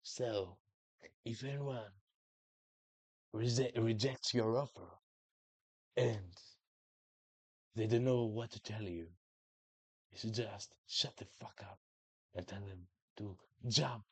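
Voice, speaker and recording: A man putting on a hushed mafia boss. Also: lowish voice, slow, long pauses, husky, no echo, exaggerated voice. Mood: menacing. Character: smooth-talking male mafia boss motivator.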